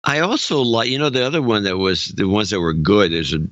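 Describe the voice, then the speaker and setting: A man co-hosting a podcast in casual chat, rambling and halting as he talks. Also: fairly low pitch, big pitch swings, a bit bright, no echo. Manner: rambling, halting, with many restarts. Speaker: podcast co-host. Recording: dull, dry podcast audio.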